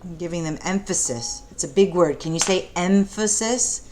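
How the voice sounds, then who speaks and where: Faint music plays behind a woman whose voice sits on the low side and moves fairly quickly. She's teaching preschool art, talking the kids through each stage with gentle encouragement and questions.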